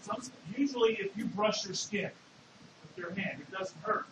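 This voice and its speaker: A man's voice: high-pitched, moderate pace, background noise. A man giving a classroom lecture, explaining step by step and putting questions to the class. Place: lecture hall. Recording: echoey lecture hall.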